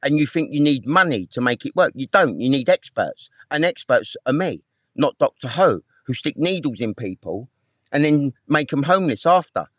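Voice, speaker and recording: A man's voice: medium pitch, very animated, normal speed, a bit bright, no echo. A man ranting angrily to camera, swearing often and repeating himself as he recounts phone calls. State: homeless. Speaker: vlogger. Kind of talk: angry personal rant to camera.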